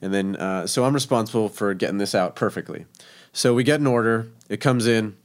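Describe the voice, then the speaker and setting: A man with a somewhat low voice recounts his days as a restaurant cook in a relaxed conversation. He is animated and laughs often as he tells it. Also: a little fast. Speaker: guest telling a kitchen story. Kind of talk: casual storytelling chat.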